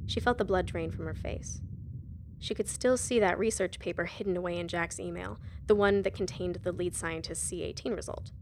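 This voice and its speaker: A woman narrating an audiobook in a measured storytelling manner. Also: medium pitch, a little hiss or hum. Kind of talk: scripted narration.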